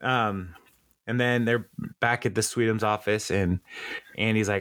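A man's voice: lowish voice, steady tone, a little slow, fairly bright tone, slight background noise. A man co-hosting a podcast, casually recapping a TV episode with many ums and frequent laughs. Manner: rambling, many ums and uhs, laughs often. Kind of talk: casual chat.

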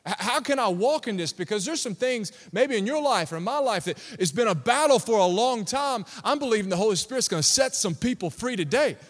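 Preacher, male, very high voice, emphatic delivery, church hall reverb. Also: lively intonation, brisk, few pauses. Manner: emphatic, call-and-response with congregation. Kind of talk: sermon. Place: church sanctuary. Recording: long reverb of a large hall.

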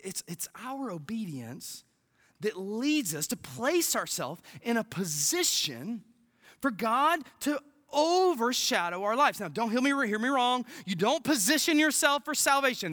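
Animated, bright-voiced preaching man. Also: very high voice. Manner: emphatic preaching with rhetorical questions. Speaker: pastor. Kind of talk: sermon.

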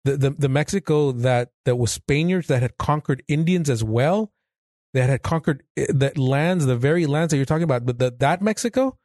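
A man hosting a casual podcast chat, talking quickly and restarting his words often. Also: mid-range voice, darkish tone, dry recording, studio quality. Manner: rapid, with many restarts and stammers. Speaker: podcast host.

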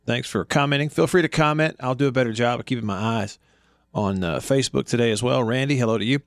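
A man's voice: medium pitch, quick pace, no room sound, studio quality. A man with a Southern US accent hosting a radio show, chatting casually, laughing easily and rambling through stories. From American South. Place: radio studio.

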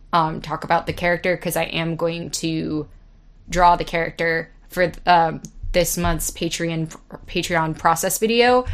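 A young woman in her twenties talks on her own podcast in a loose, rambling way, swearing freely and laughing at herself. Her voice sits a little low for a woman. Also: fairly bright tone. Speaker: podcast host. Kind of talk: casual solo podcast chat.

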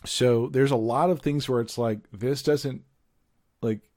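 A man's voice: medium pitch, fairly even intonation, unhurried, darkish tone. A man co-hosting a podcast, chatting casually and giving opinions, thinking aloud with lots of fillers. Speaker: podcast co-host. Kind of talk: casual chat.

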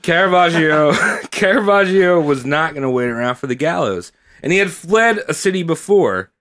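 A man's voice: fairly high pitch, lively intonation, moderate pace, fairly bright tone. Tipsy man telling a story, stumbling. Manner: rambling, stumbling over words, laughing often. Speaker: podcast co-host telling a history story. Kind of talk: casual comedic storytelling.

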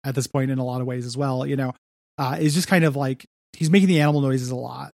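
A man's voice: medium pitch, fairly even intonation, fast, creaky, darkish tone, dry recording, clean studio sound. A young man co-hosting a podcast, rambling through a comics recap with lots of fillers. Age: young adult. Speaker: podcast co-host. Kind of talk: casual comics discussion.

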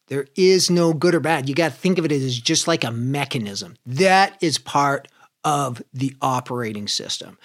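A man giving a casual spiritual talk, conversational and loose, swearing freely and explaining with everyday comparisons. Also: on the high side. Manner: conversational, swears freely, acts out inner voices. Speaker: spiritual teacher.

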